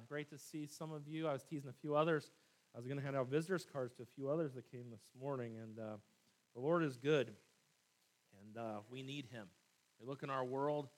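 A middle-aged man preaching a sermon in a small old church room, talking conversationally and turning emphatic and animated. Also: medium pitch. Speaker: pastor.

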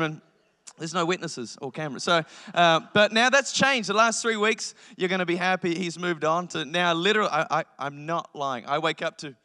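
Energetic pastor preaching in a reverberant hall. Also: male voice, on the high side, fairly quick. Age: 30s. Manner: energetic, joking storytelling with animated impressions. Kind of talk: sermon.

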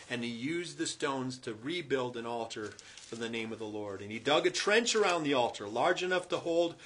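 A man preaching a sermon, retelling a story dramatically with chuckling asides and loud, emphatic quoted lines. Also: a little high.

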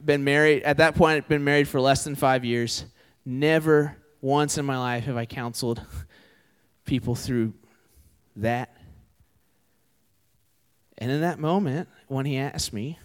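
A man's voice: medium pitch, a little slow, clear, resonant tone. Young man preaching in a reverberant hall. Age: 20s. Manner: conversational, asks the audience questions. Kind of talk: sermon.

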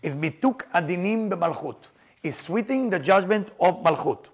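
A man's voice: high voice, normal speed. A man teaching a group about the Passover seder. He tells stories with humor, laughs often, and raises his voice for emphasis. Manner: animated storyteller, laughs and jokes, shouts for emphasis. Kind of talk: lively teaching talk to a group.

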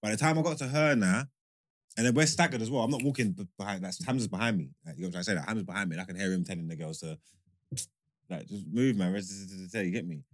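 Fast-talking man telling a story. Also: low voice. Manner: animated, repeats "you know what I'm saying". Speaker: podcast co-host. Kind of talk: casual storytelling chat.

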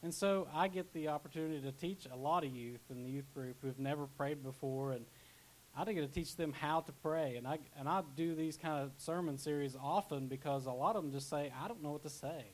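A man's voice: on the high side, brisk, poor audio. A young man preaching a casual sermon as pastor, chatty, with asides and restarts. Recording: faint hiss.

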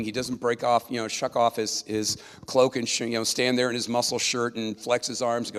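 In a large hall with long reverb, a man preaches a sermon in a medium-pitched voice, delivered flatly at a moderate pace. His style is conversational and emphatic, often checking in with listeners through tag questions.

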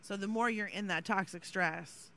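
A man's voice: sits high, moderate pace, creaky, bright, forceful tone, a little hiss or hum. A man co-hosting a podcast, explaining social issues in an earnest, blunt casual chat. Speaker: podcast co-host.

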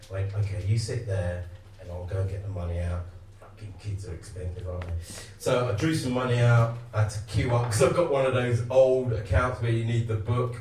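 A man's voice: medium pitch, noisy background. A man doing stand-up, telling a story with casual swearing and acting out the dialogue. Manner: swearing, anecdotal, acts out dialogue. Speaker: stand-up comedian. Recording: echoey room from far off.

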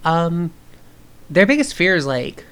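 A woman's voice: lowish voice, big pitch swings, slow pace, fairly bright tone. A woman from the southern United States co-hosting a podcast, explaining things earnestly in a casual chat. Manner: earnest, explanatory, with many fillers and restarts. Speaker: podcast co-host.

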